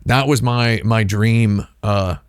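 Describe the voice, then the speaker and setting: A man's voice: lowish voice, slow, clean tone, dry recording, clean studio sound. A man hosting a casual livestream, rambling and wry, often breaking off and restarting his sentences. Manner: rambling, self-interrupting, wry asides. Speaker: streamer host.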